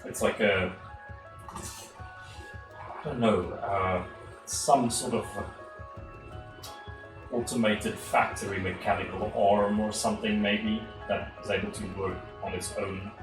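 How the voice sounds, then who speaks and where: Guy game master, lowish voice, halting, echoey room w music behind. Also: steady tone, recorded from a distance. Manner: halting, many fillers. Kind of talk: narrating a tabletop game.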